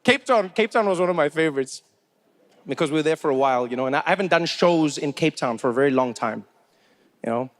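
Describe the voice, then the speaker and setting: A man's voice: fairly high pitch, lively intonation, fast talker. A man with a South African accent telling stand-up stories in a chatty way, with many "you know"s. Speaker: stand-up comedian. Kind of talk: stand-up comedy storytelling.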